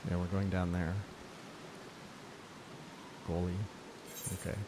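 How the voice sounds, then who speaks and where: A man's voice: low voice, monotone, takes it slowly, noisy background. A man streaming a game playthrough, rambling playfully and joking between lines of dialogue. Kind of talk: casual game playthrough commentary.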